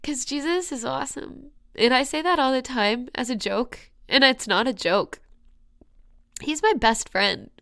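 A woman's voice: high voice, unhurried, gravelly, fairly bright tone, dry recording, clean studio sound. A young woman hosting a personal faith podcast, earnest and emotional, often dropping to a whisper. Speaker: podcast host.

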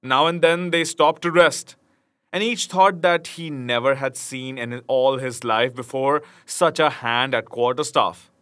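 A man's voice: mid-range voice, measured pace, fairly bright tone. A man reading a classic storybook aloud, expressively, with brief casual asides. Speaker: narrator.

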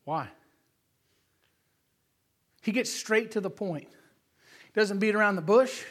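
A male preacher giving an emphatic sermon that swings between loud calls and hushed asides, often asking for an amen. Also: sits high, takes it slowly.

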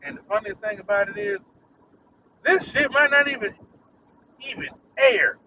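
A man's voice: high-pitched, moderate pace, bright, forceful tone, far from the mic, muffled recording, slight background noise. A young man ranting casually, irritated and swearing, breaking into laughter at his own jokes. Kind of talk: casual venting monologue.

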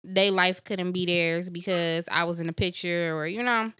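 A woman's voice: lowish voice, moderate pace, clear, resonant tone, no echo, studio quality. A young woman co-hosting a podcast, telling candid stories in casual chat and acting out the quotes. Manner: candid, animated storytelling with acted-out quotes. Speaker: podcast co-host.

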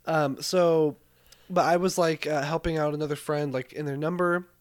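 A young man co-hosting a podcast, chatting casually in an animated, joking way and swearing freely. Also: on the high side, moderate pace. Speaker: podcast co-host. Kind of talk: casual chat.

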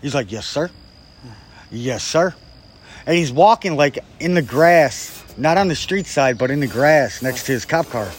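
A man's voice: on the high side, lively intonation, moderate pace, hardly any pauses. A man telling a story in casual chat, swearing freely and acting out what people said. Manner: profane, acts out quoted people. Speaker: guest storyteller.

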